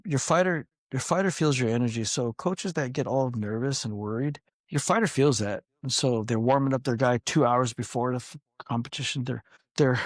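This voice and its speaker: A man, a martial arts coach, guest on a podcast, telling stories in a loose, energetic way, swearing casually and acting out what people said. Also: medium pitch, dry recording, studio quality. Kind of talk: casual storytelling interview.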